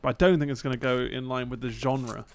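A man's voice: medium pitch, fairly even intonation, quick pace, no room sound. A young adult man streaming a game, chatting in a jokey, teasing way and swearing freely. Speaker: gaming streamer. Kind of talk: casual chat while playing.

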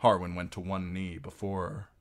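A man's voice: low voice, level tone, normal speed. A man narrating a fantasy novel chapter as an amateur audiobook reader, reading expressively.

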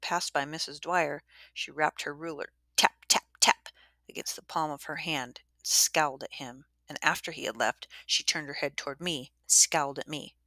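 A woman narrating a storybook in the first person, gentle and measured, whispering the soft sound words. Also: low voice, steady tone, no echo. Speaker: audiobook narrator.

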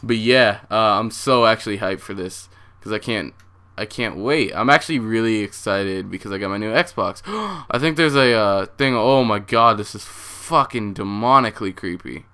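A man's voice: on the low side, moderate pace, pushed and bright, clear, resonant tone. A young man hosting a horror game playthrough, jumpy and swearing a lot as he talks to his viewers. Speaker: gaming channel host.

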